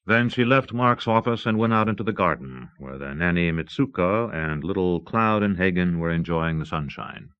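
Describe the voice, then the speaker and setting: A man reading a novel aloud in a steady, measured narration, on an old cassette recording. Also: low voice, clean tone. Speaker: audiobook narrator. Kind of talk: scripted audiobook narration. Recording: dull lo-fi cassette audio.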